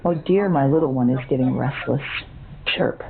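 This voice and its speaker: A woman's voice: extremely low pitch, normal speed, creaky. A computer voice of a woman playing a dotty old woman who believes she is a parakeet, sweetly befuddled and breaking into squawks and chirps over the phone. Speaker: scam-baiting bot. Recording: tinny phone line.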